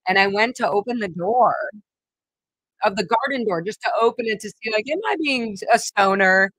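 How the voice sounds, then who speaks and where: Woman vlogger, mid-pitched, rambling heartfelt storytelling, dry close sound. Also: moderate pace, a bit bright, dry recording, rough recording. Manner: rambling, emotional, many fillers and restarts. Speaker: vlog host. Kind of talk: casual personal storytelling.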